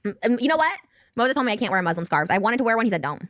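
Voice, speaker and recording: Woman, very fast talker, lively swooping pitch, dry close mic, excitable podcast chat. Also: no room sound. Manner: excitable, quotes others in animated asides. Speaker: podcast co-host.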